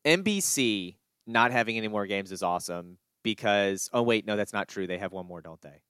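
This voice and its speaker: A man co-hosting a sports podcast, rambling and animated with chuckles. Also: lowish voice, a little fast, smooth, no echo. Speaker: podcast co-host. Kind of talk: casual sports chat.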